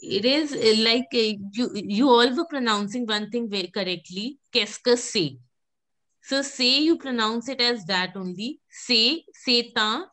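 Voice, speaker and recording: A woman teaches a French pronunciation class with a slightly high voice, moderate pace, and few pauses. She patiently repeats words and gently corrects her students.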